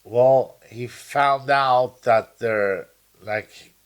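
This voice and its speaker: A man co-hosting a podcast, bantering crudely in a rambling, halting way with lots of fillers. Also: medium pitch, smooth. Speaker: podcast co-host.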